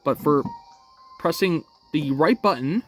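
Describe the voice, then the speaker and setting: A young man narrates a game walkthrough in an easy, upbeat manner, describing each step as he goes. His pitch swings up and down freely as he talks. He sounds relaxed and casual, as if chatting with viewers from home. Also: a little slow, soft background music. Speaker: gaming channel host.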